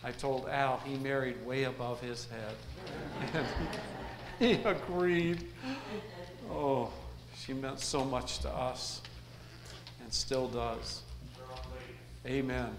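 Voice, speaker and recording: A man's voice: medium pitch, slow pace, pauses often, background noise. A man preaching a sermon in a folksy way, mixing jokes into his message to the congregation. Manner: folksy, jokes and laughs between points. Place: church sanctuary. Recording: echoey room, faint ambience.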